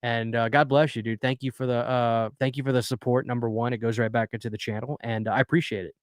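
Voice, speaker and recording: In a mid-range voice with little pitch movement, the man talks quickly and earnestly through his casual stream, reading chat messages out loud. The audio is dry and studio-clean.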